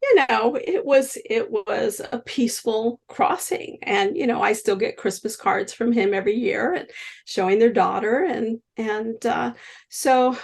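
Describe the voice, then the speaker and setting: A woman's voice: on the high side, a little slow, vocal fry, breathy edge. A woman in her sixties, a guest healer, telling stories in an interview and acting out the voices of the people she quotes. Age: 60s. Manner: animated, acts out quoted voices. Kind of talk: storytelling in an interview.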